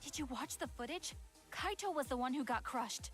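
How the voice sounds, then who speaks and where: A cold, sharp-tongued young woman in a video game who snaps out curt, scornful lines. Her voice is high with lively pitch, and game music sits underneath. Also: normal speed.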